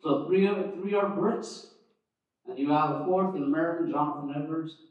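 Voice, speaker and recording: A man delivers a teaching sermon in a loose, conversational way, restarting phrases and adding asides. His voice sits a little high and carries from some distance, heard through a dull, muffled recording that rings with heavy church echo. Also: moderate pace. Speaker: preacher. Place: church sanctuary.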